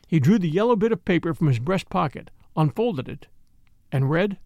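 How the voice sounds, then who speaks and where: A man narrating a vintage novel in a measured storytelling manner. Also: a little high, lively intonation, dark tone, dry recording, studio quality. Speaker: audiobook narrator. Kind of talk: scripted narration.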